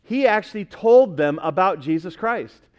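A man's voice: sits high, expressive, moderate pace, highs cut off. A male pastor preaching a sermon in a conversational way, asking the congregation questions as he goes.

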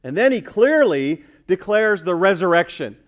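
A man's voice: high voice, big pitch swings, moderate pace, highs cut off. A male pastor preaching a sermon in a conversational way, asking the congregation questions as he goes.

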